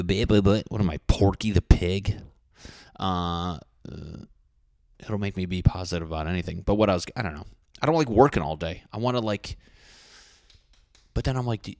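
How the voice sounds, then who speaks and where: A man's voice: low voice, dry recording, clean studio sound. A man in his thirties hosting a solo podcast from his apartment, rambling, swearing and mocking himself as he jumps between topics. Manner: rambling, profane, self-mocking. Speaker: podcast host.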